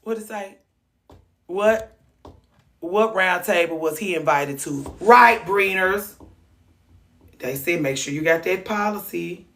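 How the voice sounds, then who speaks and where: A woman hosting a comedic monologue, ranting in a sassy, animated way with mock-sweet asides. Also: lowish voice, far from the mic. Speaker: host.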